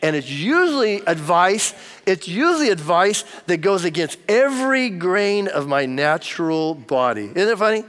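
A middle-aged male pastor with a high voice tells a chatty sermon story, stumbling over repeated words. His voice rings out with a long reverb through a big hall. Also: very animated, moderate pace, a bit bright. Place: church hall.

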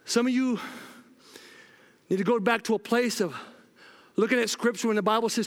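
A man's voice: very high-pitched, steady tone, moderate pace. A man preaching a sermon, urgently repeating "listen" to the congregation and telling personal stories with acted-out dialogue.

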